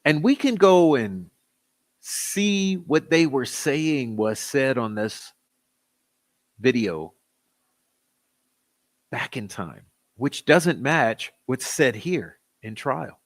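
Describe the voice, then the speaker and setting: Male commentary host, unhurried and skeptical, mid-range voice. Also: mid-range voice, sing-song. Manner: slow, skeptical, exasperated. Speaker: channel host. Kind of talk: true-crime commentary.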